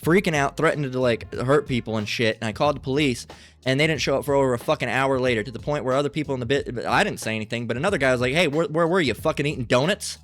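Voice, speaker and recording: A man's voice: mid-range voice, racing, fairly bright tone. A man hosting a commentary channel, ranting angrily and swearing constantly as he reacts to a clip. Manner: profane, ranting, restarts often. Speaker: channel host. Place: lives in Las Vegas.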